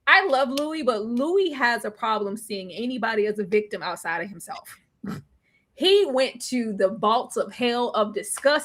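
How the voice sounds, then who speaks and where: A woman's voice: a little high, big pitch swings, moderate pace, a bit bright. A woman hosting a live discussion of a TV episode, laughing often and acting out the characters' lines. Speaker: host.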